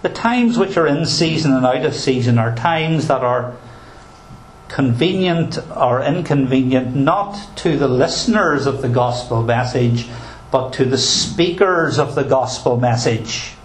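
A man's voice: medium pitch, unhurried, slight background noise. A male pastor preaching a sermon in an earnest, emphatic way, with touches of dry humor. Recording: roomy echo.

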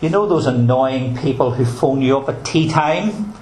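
A man's voice: medium pitch, lively intonation, moderate pace, darkish tone. A male pastor preaching a sermon in an earnest, emphatic way, with touches of dry humor. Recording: roomy echo.

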